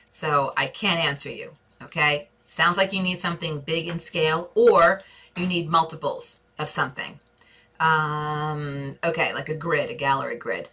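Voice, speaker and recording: A woman's voice: low-pitched, steady tone, measured pace, pushed and bright. A woman with a New York accent hosting a live stream, chatting through viewer questions in an effusive, think-aloud way. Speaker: interior design host answering viewer questions.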